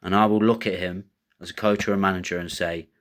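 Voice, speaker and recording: A man's voice: sits low, fairly even intonation, fast, a bit bright. A man giving blunt, rambling fight picks and betting tips in casual, coarse commentary. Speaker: MMA betting tipster host.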